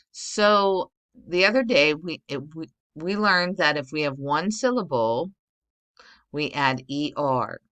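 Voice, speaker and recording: A woman's voice: deep voice, a bit bright, clear, resonant tone. A middle-aged woman teacher giving a recorded spelling and grammar lesson to children, explaining patiently step by step.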